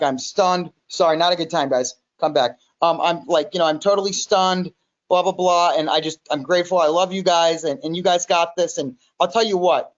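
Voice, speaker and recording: A man, a guest on a business podcast, telling a story in an animated way, quoting himself and repeating words. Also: high voice, muffled recording. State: recovering in hospital. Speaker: podcast guest, music studio owner. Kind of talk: casual storytelling.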